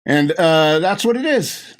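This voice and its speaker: A man's voice: fairly high pitch, expressive, measured pace. A middle-aged man hosting a podcast, rambling through a casual movie review with frequent laughs. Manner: rambling and gushing, laughs often, acts out movie lines. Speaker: podcast host.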